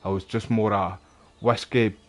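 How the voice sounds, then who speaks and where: A man's voice: on the low side, fairly even intonation, unhurried, slight background noise. A young Scottish man streaming a game, chatting casually to his viewers and calling them mate. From Scotland. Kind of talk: casual live-stream chat while playing.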